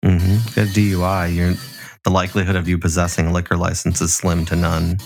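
Very deep-voiced laid-back man. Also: completely flat delivery, brisk, darkish tone, faint music behind. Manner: laid-back, swears freely, laughs often. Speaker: podcast co-host. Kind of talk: casual chat.

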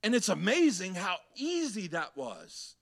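A man's voice: high voice, huge pitch swings, measured pace, creaky. A man, a pastor preaching a sermon to his church, shifting between conversational asides and raised, emphatic delivery.

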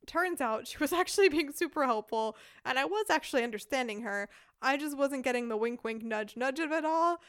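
A woman in her thirties, originally from the United States, tells a casual anecdote as a podcast guest. She laughs often as she goes, in a fairly high, smooth and clear voice. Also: normal speed, no room sound, studio quality. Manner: lively storyteller, laughs often.

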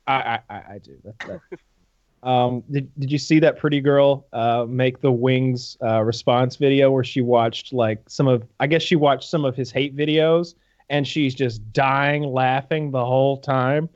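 A man's voice: medium pitch, fairly even intonation, measured pace, a little mellow, muffled recording. A man chatting casually on a podcast, rambling and restarting, acting out quotes. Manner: rambling, restarts, acts out his own quotes. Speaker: podcast co-host. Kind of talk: casual chat.

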